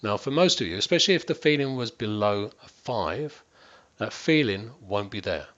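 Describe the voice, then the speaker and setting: A man working as a wellbeing coach, walking listeners through a guided stress-management exercise. He speaks to them directly, checks in often and drops to near-whispers and slow, stretched words to demonstrate. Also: on the low side, lively intonation, fairly bright tone, muffled recording.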